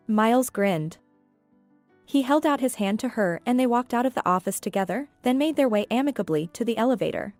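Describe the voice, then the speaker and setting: A woman reading scripted story narration in an even, steady way. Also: on the high side, a little fast, no echo. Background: faint background music.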